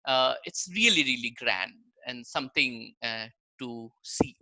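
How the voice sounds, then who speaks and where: A man's voice: mid-range voice, a little slow, bright, forceful tone, poor audio. A man giving an online public lecture on language, explaining with examples in a conversational way and often checking in with the listeners. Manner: conversational, explains with examples, keeps checking in with "right?" and "you know". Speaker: guest lecturer, language researcher.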